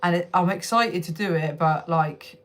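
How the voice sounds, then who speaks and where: A woman's voice: on the low side, moderate pace. A young woman hosting a casual live stream from home on her phone, chatting with viewers, laughing often and swearing freely. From United Kingdom. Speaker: livestream host.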